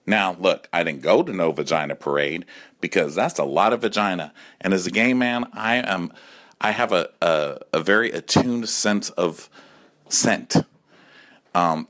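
A man's voice: sits low, a bit bright. A man in his forties, drunk, delivering a campy, sassy comic rant that keeps slipping into acted-out voices. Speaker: caller leaving a voice message.

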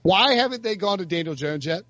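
A fairly high-voiced man hosts a loose sports talk, teasing his co-hosts and reeling off numbers. The sound is dry and dull, like a lo-fi recording. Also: lively intonation, brisk, fairly bright tone, dry recording. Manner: joking, rattles off stats. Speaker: podcast host. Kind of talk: casual sports chat.

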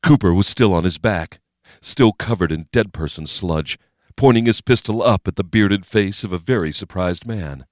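A man giving scripted narration of a thriller as an audiobook narrator, in a steady, measured, dramatic reading. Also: low voice, no room sound.

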